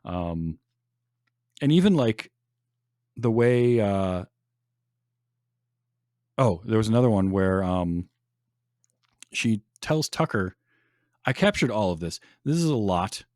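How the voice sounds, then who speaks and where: Man, podcast host, low voice, dry close mic, enthusiastic, laughs a lot. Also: expressive, takes it slowly, long pauses, a little mellow, no echo. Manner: enthusiastic, laughs often, many restarts. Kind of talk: casual chat.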